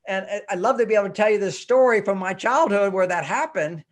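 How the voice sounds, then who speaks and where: A man's voice: sits high, quick pace. An older man, a relationship counselor and guest in an interview, explaining his techniques and acting out little scenes as he talks. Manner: animated storyteller, acts out little scenes.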